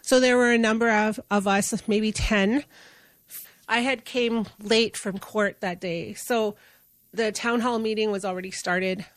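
A woman's voice: mid-range voice, fairly even intonation, measured pace, no echo. A middle-aged woman from Canada, a guest telling a story in an interview in an earnest, conversational way with fillers and restarts. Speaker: guest, justice advocate.

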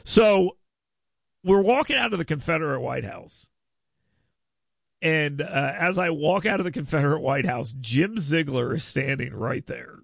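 A man's voice: a little high, lively intonation, a little slow, vocal fry, dry recording, clean studio sound. A man hosting a talk radio show, telling a rambling story full of mocking voices. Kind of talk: casual radio chat.

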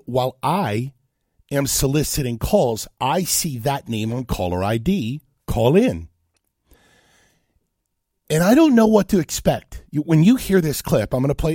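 A man hosting a radio talk show, telling a story in an animated way, with stammers and restarts. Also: medium pitch, no room sound, clean studio sound. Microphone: studio microphone.

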